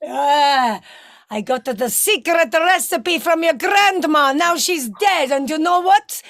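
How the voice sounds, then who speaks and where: A woman's voice: sits high, animated, takes it slowly, a bit bright, no room sound, clean studio sound, full character voice. A woman playing an overbearing, doting Italian mother with a put-on Italian accent in an improv scene. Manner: smothering, melodramatic, pleading.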